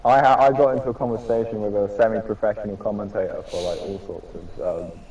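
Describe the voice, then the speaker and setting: A man's voice: lowish voice, fairly even intonation, fast talker, gravelly, muffled recording. A man co-commentating an online sim race in a teasing, laughing manner. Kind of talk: casual live race commentary. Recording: distant mic with crowd noise.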